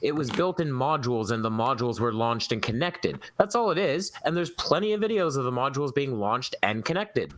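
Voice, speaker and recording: A man's voice: mid-range voice, lively intonation, fast, few pauses, a bit bright, slight background noise. A man in a casual online panel chat, blunt and exasperated as he argues his point.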